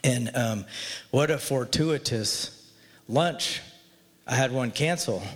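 An earnest man tells a personal faith story in a relaxed, conversational way. His voice sits at an ordinary middle pitch. The sound carries a long reverb, as if recorded in a large hall. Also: takes it slowly.

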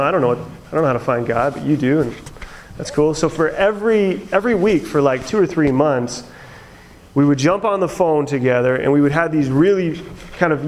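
A man telling his own testimony in a chatty, animated way, with many fillers and laughs. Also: fairly high pitch, a little hiss or hum, low-quality recording. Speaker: speaker sharing his testimony. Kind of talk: storytelling testimony talk.

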